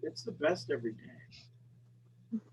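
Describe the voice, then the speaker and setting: A man's voice: fairly high pitch, big pitch swings, takes it slowly. A man hosting a group call, chatting casually, often laughing and at times getting emotional. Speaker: host. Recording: dull lo-fi call audio with faint hum.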